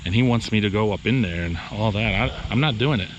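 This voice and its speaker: A man's voice: lowish voice, a little fast, muffled recording. A man who runs a lawn care business, talking to viewers in a casual outdoor vlog, exasperated and repeating himself. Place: outdoors at a mowing job. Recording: outdoor noise with crickets.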